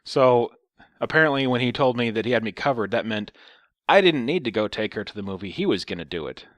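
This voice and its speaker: A man's voice: mid-range voice, expressive, fast, a bit bright, no echo. A young man telling a rambling, profane, sarcastic story in casual chat. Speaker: storyteller vlogger.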